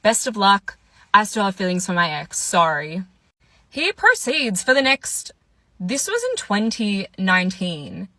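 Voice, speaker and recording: A woman's voice: medium pitch, big pitch swings, a little slow, bright, forceful tone, no room sound. A young woman telling a dating storytime in a chatty, exasperated way, acting out both sides of the conversation. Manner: chatty, exasperated retelling with quoted dialogue. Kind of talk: casual storytime.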